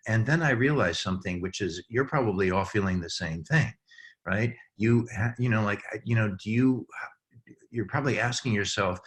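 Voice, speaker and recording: Low-voiced man, earnest webinar speaker on a video call, halting with fillers. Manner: warm, earnest, many ums and uhs, chuckles. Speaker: webinar speaker for camp professionals. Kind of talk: heartfelt talk to an online audience.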